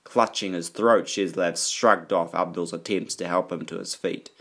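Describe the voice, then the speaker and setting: Low-voiced man narrating an audiobook. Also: fairly even intonation, moderate pace, a bit bright.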